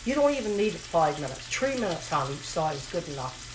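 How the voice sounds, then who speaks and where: A woman chats through her cooking in a kitchen, her voice sitting slightly low. She keeps it a touch hushed, repeats her own lines and talks to herself. A frying pan sizzles clearly under her words. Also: big pitch swings, brisk, background noise. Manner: talking a little low and hushed. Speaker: home cooking vlogger. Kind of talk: casual cooking chat to camera. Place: home kitchen. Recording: home kitchen recording, audible pan sizzle.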